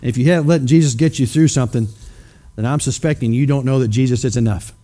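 A man's voice: medium pitch, fast talker, dark tone. A man preaching a sermon, emphatic and questioning his congregation directly. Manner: acts out skeptics in mocking voices.

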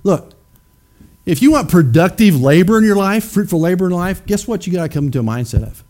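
A man's voice: sits high, lively intonation, brisk, darkish tone. A man preaching a sermon, emphatic and questioning his congregation directly. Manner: acts out skeptics in mocking voices.

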